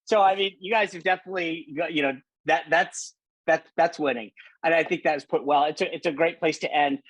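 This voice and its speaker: Man, middle-aged, podcast host, husky voice, dry studio sound, animated and chatty. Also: fairly high pitch, brisk, dry recording. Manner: animated, laughing, many restarts. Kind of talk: casual interview with rapid-fire questions.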